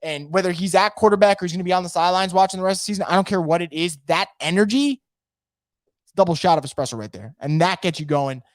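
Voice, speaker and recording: A man hosting a casual live sports podcast from home, energetic and opinionated, rambling with frequent restarts. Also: high voice, fast, dry recording, clean studio sound. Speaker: podcast host. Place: home room.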